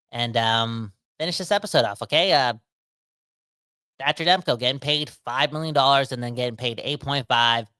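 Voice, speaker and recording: Rambling podcast host, bright dry voice. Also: male voice, medium pitch, smooth, dry recording. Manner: rambling, self-interrupting, animated. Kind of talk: casual sports podcast talk.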